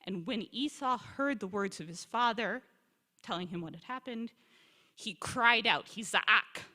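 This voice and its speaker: A woman's voice: medium pitch, a little slow. A woman teaching a congregation as a visiting scholar, telling the stories with energy, quoting Hebrew and asking the room questions. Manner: animated storyteller, quotes Hebrew and asks the room questions. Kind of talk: lively teaching talk to a congregation. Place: synagogue sanctuary. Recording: long hall reverb.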